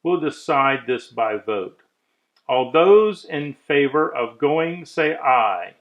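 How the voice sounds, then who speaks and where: A man voicing a group of bossy little animal guests on a moose's horns, shrill and demanding, in a storybook reading. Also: lively intonation, slow pace, highs cut off.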